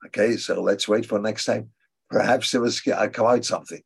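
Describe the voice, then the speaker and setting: A husky, fairly low-voiced man gives a religious class. He answers students' questions thoughtfully and haltingly, coming back to key phrases again and again to press them home. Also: fairly even intonation. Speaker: religious teacher.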